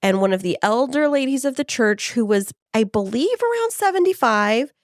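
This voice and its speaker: A woman's voice: on the high side, sing-song, moderate pace, no echo, studio quality. A woman co-hosting a podcast, telling personal stories in a candid, chatty way. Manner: candid, storytelling, many "like" fillers. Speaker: podcast co-host. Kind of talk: casual podcast conversation.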